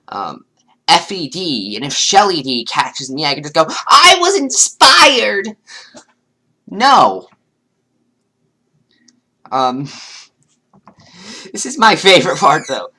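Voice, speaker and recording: A woman's voice: fairly low pitch, sharp tone. A woman giving sarcastic, exasperated commentary while reading online comments aloud. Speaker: commentary youtuber.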